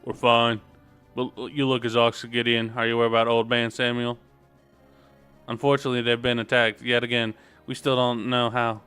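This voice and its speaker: A man's voice: medium pitch, little pitch movement, moderate pace, fairly bright tone, smooth, faint music behind, close to an everyday voice. A man reading the lines of an earnest, reassuring noble father from a game. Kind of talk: reading game dialogue aloud.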